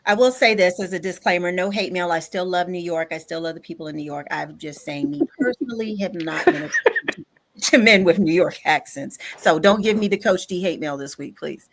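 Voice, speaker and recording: A woman's voice: fairly low pitch, expressive, fairly quick, vocal fry. Frank woman hosting a chat. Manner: frank, reads listener comments aloud. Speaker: podcast host. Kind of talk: casual chat.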